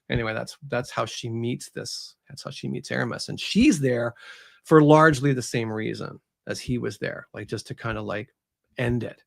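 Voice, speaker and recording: A man, an author who is a guest on an interview show, retelling a story in a casual, animated way and acting out the characters. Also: medium pitch, normal speed, gravelly.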